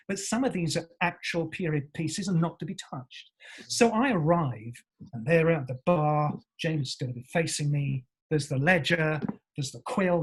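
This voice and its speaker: Male actor from england, husky voice, animated storytelling, acts out voices, swears. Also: fairly high pitch. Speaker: actor guest.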